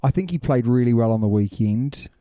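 A man's voice: mid-range voice, lively intonation, fairly quick, dark tone, no echo, clean studio sound. A man co-hosting a sports podcast in casual chat, teasing and laughing often. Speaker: podcast co-host.

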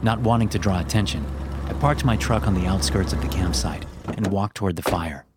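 Low-voiced man narrating a horror story. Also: brisk, very noisy. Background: music.

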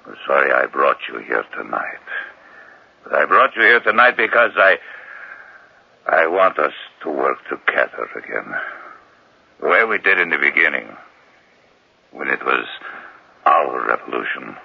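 Radio play: a brooding dictator, deep and husky, dull old broadcast sound. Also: male voice, big pitch swings, full character voice. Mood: pleading. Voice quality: deep gravelly voice, slow deliberate delivery. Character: aging male dictator, mocking, self-pitying, lonely. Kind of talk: 1940s-50s radio drama acting.

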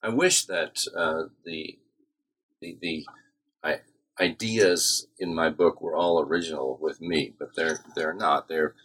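A man with a very low, husky voice answers questions about his book in an academic interview. He speaks haltingly, with frequent fillers and self-corrections. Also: a bit bright. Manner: hesitant, many uh fillers and restarts. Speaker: author being interviewed.

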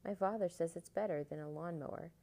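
A woman's voice: fairly low pitch, brisk, creaky, dark tone. Woman doing Pinocchio, a fibbing wooden boy. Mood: cheeky. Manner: cheeky, pouting. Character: fibbing round-faced wooden boy, cheeky.

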